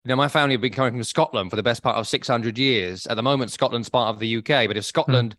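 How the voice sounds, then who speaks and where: A man's voice: mid-range voice, fast, a bit bright, dry recording. A man co-hosting a casual football podcast, blunt, opinionated and wry. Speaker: podcast co-host.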